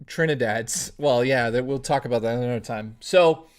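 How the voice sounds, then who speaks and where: A young man from Toronto streaming, telling a long story in a rambling, animated way, swearing freely. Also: medium pitch, moderate pace. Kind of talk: casual storytelling on a live stream.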